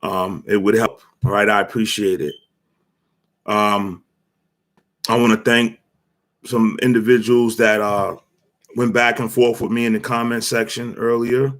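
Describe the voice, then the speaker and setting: A man's voice: on the low side, flat delivery, measured pace, long pauses, fairly bright tone. A man hosting his own sports talk livestream, chatting loosely and rambling with many fillers and restarts. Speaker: sports talk show host. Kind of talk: casual livestream chat.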